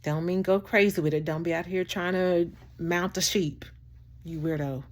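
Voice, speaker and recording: This motivational vlog features a woman addressing the camera with heartfelt, animated preaching, often laughing and calling the listener "child" and "baby." Her voice sits on the low side, and she keeps a moderate pace.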